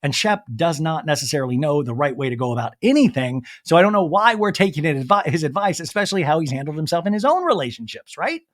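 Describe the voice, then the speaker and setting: A man hosting a podcast, recapping a reality show in a lively casual way and acting out the cast's lines. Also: a little high, fast talker, few pauses, no echo, studio quality. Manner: animated, acts out cast members' lines in put-on voices. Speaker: podcast host.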